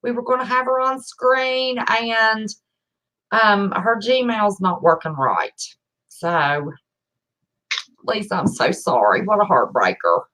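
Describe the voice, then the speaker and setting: A woman's voice: medium pitch, expressive, takes it slowly, pushed and bright. A woman hosting a live stream, chatty and folksy. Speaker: host. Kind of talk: casual live-stream chat.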